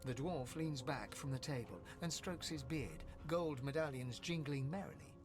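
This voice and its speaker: A man reading scripted video game narration in a measured, descriptive storytelling manner. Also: mid-range voice, over music, close to an everyday voice.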